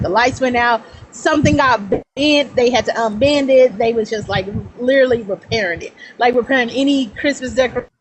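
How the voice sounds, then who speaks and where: A woman in her thirties telling childhood stories on a livestream, animated and laughing, rambling between thoughts. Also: on the high side, a little hiss or hum, low-quality recording. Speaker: guest. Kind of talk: casual storytelling on a livestream.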